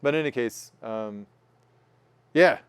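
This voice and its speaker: In a dry recording, a man in his forties from Oregon, United States, tells a profane, self-mocking story as a guest storyteller in casual chat. His mid-range voice is clear and resonant, his pace measured, and he animatedly acts out what people said.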